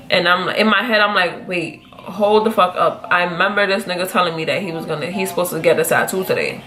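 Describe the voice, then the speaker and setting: A young woman telling a personal story in a casual, animated, profane way, jumping up in pitch when she quotes herself. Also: fairly quick, few pauses. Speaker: vlogger.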